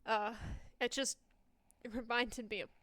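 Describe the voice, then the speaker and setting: Rise, as a woman puts him on, is a guarded three-eyed young man with a bright, clear voice. He talks slowly and haltingly and seems embarrassed. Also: fairly high pitch, fairly even intonation, no room sound.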